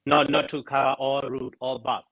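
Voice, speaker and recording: A man teaching Pali grammar in a class discussion, halting and searching for words, with many fillers. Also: medium pitch, little pitch movement, dull audio.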